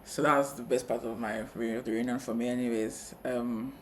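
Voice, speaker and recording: A man co-hosting a casual TV review chat, retelling scenes with quick asides. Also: mid-range voice, steady tone, slight background noise. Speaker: co-host of a TV review channel.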